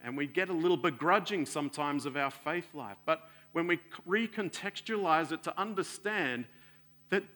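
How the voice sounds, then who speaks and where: A man preaching a sermon in an earnest way, swelling louder and then sinking soft and low. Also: moderate pace.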